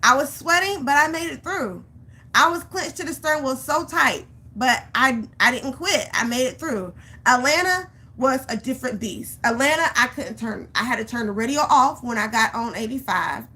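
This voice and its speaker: A woman vlogger talking straight to her viewers and urging them past their fears. She tells her stories with lively, acted-out panic and repeats phrases for emphasis. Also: high-pitched, moderate pace, slightly rough. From Georgia, US. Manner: animated storytelling, acts out her own panic. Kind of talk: motivational vlog talk.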